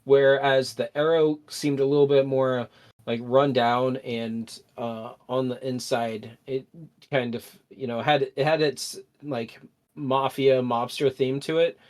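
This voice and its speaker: A man's voice: mid-range voice, fairly even intonation, unhurried. A man narrating a tabletop role-playing game as game master, rambling with many fillers.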